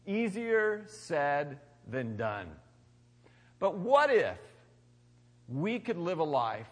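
A somewhat high-voiced man preaches to a congregation in a casual, conversational way. He rises to loud emphatic bursts, then drops to hushed, quiet phrases. His voice rings with the long reverb of a large hall. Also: big pitch swings, measured pace, pauses often. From United States. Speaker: pastor. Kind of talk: sermon.

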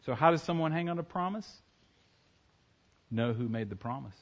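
A man preaching a sermon in church, talking casually and joking with the congregation, now and then breaking into loud acted shouts. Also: medium pitch, expressive, moderate pace, highs cut off. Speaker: pastor. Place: church sanctuary.

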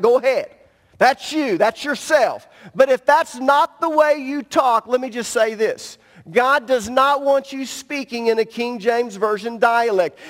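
Middle-aged male pastor, high voice, direct emphatic sermon delivery, long reverb from a church hall.

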